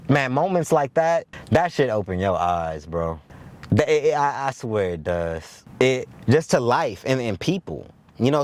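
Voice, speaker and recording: A man's voice: medium pitch, gravelly. A young man hosting his own show, telling a story in a loose, profane, casual way, with restarts and frequent "you get what I'm saying?" checks. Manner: loose, profane, with repeated filler questions; animated, stumbling restarts when excited. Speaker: host.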